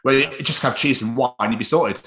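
A man's voice: medium pitch, brisk, a bit bright. A young man co-hosting a podcast, chatting casually with sweary, giggly banter. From Wales. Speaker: podcast co-host. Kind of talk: casual chat.

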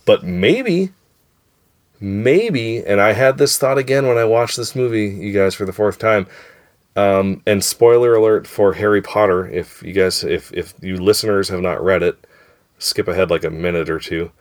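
Very low-voiced man musing aloud. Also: moderate pace. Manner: muses aloud, hedging and circling back on ideas. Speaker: podcast host. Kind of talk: casual chat.

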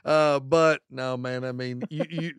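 A man's voice: medium pitch, steady tone, unhurried, clear, resonant tone, dry recording, studio quality. A man with a Southern country twang, a lead pastor talking earnestly and repeating phrases for emphasis. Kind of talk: casual podcast conversation.

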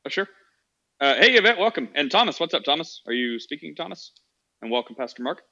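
A man's voice: fairly high pitch, big pitch swings, a little fast, bright, forceful tone, muffled recording. A man hosting a casual call-in podcast, talking in a rambling way with many fillers and restarts. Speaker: podcast host.

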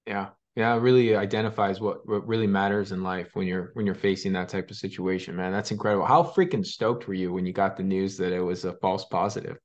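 A man hosting a podcast asks questions in a casual, upbeat way and drops in slang. His voice sits fairly low, and his audio comes through dull and muffled. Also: steady tone, fairly quick, few pauses. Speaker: podcast host. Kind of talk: interview questions.

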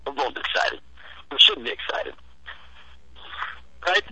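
A man's voice: unhurried, sharp tone. A man calling in to a casual sports chat, teasing and rambling through his analysis over the phone. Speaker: caller, sports fan. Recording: tinny phone line.

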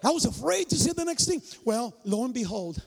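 Male pastor, very high voice, lively storytelling sermon with shouted peaks, reverberant church hall. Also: fairly quick, creaky. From Mexican-American migrant family. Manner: animated, acts out dialogue, shouts for emphasis. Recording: long reverb of a large hall.

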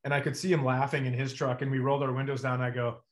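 A middle-aged man, a comedian, telling stories in a relaxed chat and acting out the dialogue. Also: mid-range voice, racing. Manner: animated storyteller acting out dialogue. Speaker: comedian guest. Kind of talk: casual storytelling chat.

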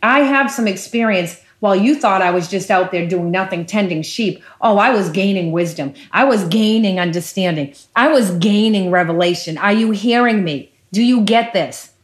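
A woman's voice: medium pitch, moderate pace, hardly any pauses, lightly acted. Earnest young shepherd hero, told by a woman preacher. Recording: roomy echo.

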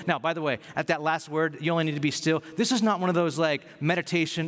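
A man preaching a sermon in an animated way, often jumping into loud quoted voices. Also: a little high, fast talker, hardly any pauses, big-room sound. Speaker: pastor.

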